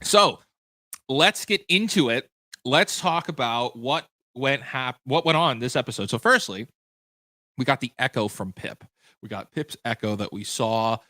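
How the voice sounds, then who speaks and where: A man's voice: mid-range voice, expressive, measured pace, sharp tone, no echo. A man hosting a livestream post-show as game master, chatting loosely and correcting himself as he answers viewer questions.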